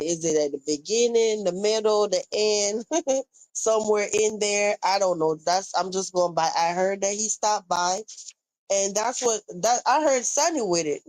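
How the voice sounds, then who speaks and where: A woman's voice: medium pitch, unhurried, darkish tone, no echo, rough recording. A young woman, chatting casually on a live stream, reacting to viewer comments and retelling gossip. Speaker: livestream host.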